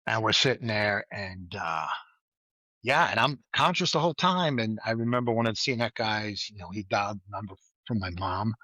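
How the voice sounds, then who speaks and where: Guest spot: male ex-trooper storyteller, vivid and animated, bright tone, dry close mic. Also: lowish voice, normal speed, no room sound, rough recording. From New York. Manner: vivid, animated retelling with acted-out quotes. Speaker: guest, former state trooper. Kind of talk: storytelling in a casual interview.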